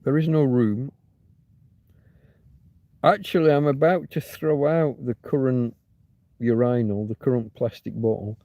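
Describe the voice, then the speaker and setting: A man's voice: medium pitch, a little slow, long pauses, dark tone, no echo. A man hosting a rambling, casual livestream, musing aloud and swearing now and then. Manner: chatty, swears, muses aloud while reading. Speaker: livestream host. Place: home, Torrevieja.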